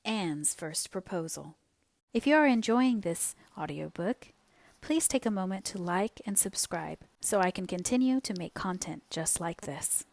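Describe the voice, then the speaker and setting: A woman narrating an audiobook in a measured, expressive reading voice. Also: lowish voice, vocal fry, dry recording.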